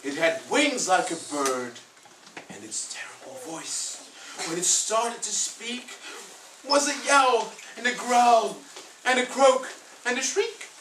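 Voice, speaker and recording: Woman reading a storybook aloud, lively and slow. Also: a little high. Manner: playful, inviting listeners to join in. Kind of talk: reading a picture book aloud. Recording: echoey room, far from the mic, noisy.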